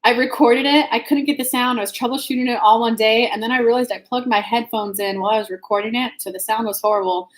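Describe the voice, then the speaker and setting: Chatty woman with a fairly high voice, echoey room. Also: fairly even intonation, fast, few pauses. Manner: chatty, frank, swears casually, addresses viewers by name. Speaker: intuitive reader hosting a live stream. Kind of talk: casual live-stream advice and Q&A.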